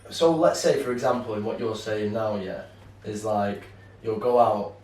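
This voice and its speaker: A man's voice: fairly low pitch, moderate pace, a little mellow. Guy on a podcast, chill and slangy, chips in a lot, roomy echo, mic far away. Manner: laid-back, slangy, chips in with short replies. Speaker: podcast co-host. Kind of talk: casual chat.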